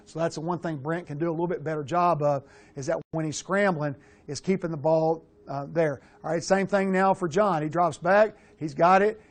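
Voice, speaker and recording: Middle-aged male QB coach, blunt and animated, slightly higher voice, swears casually while breaking down film. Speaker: quarterback coach.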